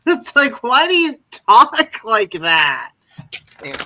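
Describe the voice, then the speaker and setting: A man's voice: very high-pitched, wildly swooping pitch, slow pace, sharp tone, poor audio. A man guesting on a casual livestream, chatting in an offhand, rambling way.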